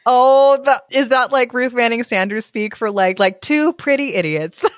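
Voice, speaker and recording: A woman co-host chatting casually, excitable and full of joking asides. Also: fairly high pitch, moderate pace, no room sound, clean studio sound. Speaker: podcast co-host. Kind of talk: casual chat.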